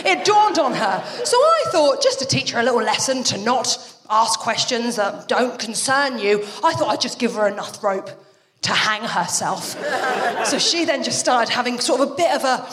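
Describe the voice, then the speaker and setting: A young adult woman doing stand-up, telling stories with energy, swearing and throwing in asides. Her voice sits high and leaps around with great liveliness. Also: in a large hall, noisy background. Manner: animated, quick storytelling with swearing and asides. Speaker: stand-up comedian. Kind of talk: live stand-up routine.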